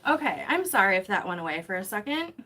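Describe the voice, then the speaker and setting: A woman's voice: medium pitch, sing-song, fast, pushed and bright. A young woman hosting a casual live stream from home, greeting viewers by name and apologizing often, picked up by a camera set some distance away.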